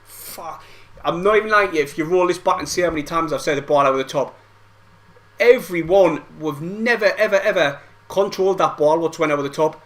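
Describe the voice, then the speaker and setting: A man's voice: on the high side, fairly quick, fairly bright tone. A young man reacting to a football match live, frustrated and swearing, full of banter. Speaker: football fan streamer. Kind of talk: live match watch-along commentary.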